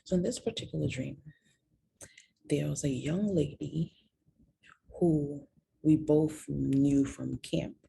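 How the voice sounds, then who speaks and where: A woman's voice: low-pitched, vocal fry, dark tone, a little hiss or hum. A woman candidly confiding a personal story to viewers in a vlog, sometimes dropping to a whisper on painful details. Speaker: host telling her own story.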